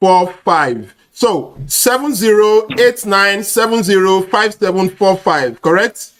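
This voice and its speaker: A man hosting an online contest, announcing winners in an animated, drawn-out way. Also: high-pitched. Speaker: contest host.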